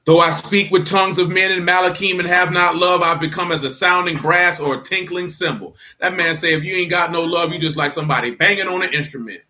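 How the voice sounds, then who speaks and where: Man preaching casually, high voice, bright tone, emphatic, colloquial, drags out key phrases. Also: steady tone, fairly quick, few pauses. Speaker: teacher in a religious assembly. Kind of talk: informal sermon.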